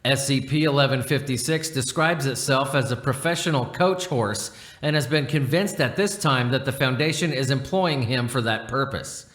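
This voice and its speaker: A man narrating a horror story as a measured, deliberate reading. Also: mid-range voice, a bit bright. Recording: roomy echo.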